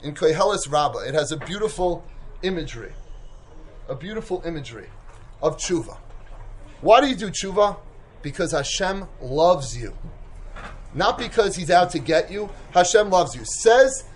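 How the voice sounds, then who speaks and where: A man with a high voice gives a Torah lecture as a yeshiva mashgiach. He is animated, pushing hard on key points and then dropping into quiet asides. Hebrew and Yiddish terms run all through his talk. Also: moderate pace, pauses often, a little hiss or hum. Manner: animated, swings from loud emphasis to soft asides.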